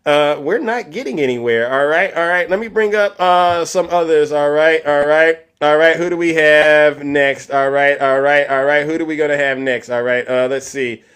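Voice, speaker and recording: Animated man hosting a call-in stream. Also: on the high side, normal speed, hardly any pauses, clean tone. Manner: animated, repeats "all right" a lot. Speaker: live call-in show host. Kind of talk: live political call-in stream.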